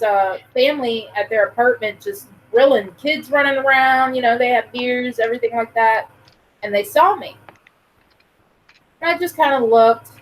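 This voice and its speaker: A podcast co-host with a slightly high voice chats casually, telling a blunt, crude story and acting out the dialogue. The audio quality is poor.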